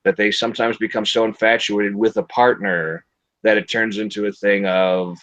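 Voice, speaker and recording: A man's voice: on the low side, normal speed, dry recording. A man hosting a casual film review livestream, talking bluntly with lots of swearing and acting out quotes. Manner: blunt, profane, animated, acts out quotes. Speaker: podcast host reviewing a film. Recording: dry, dull lo-fi livestream audio.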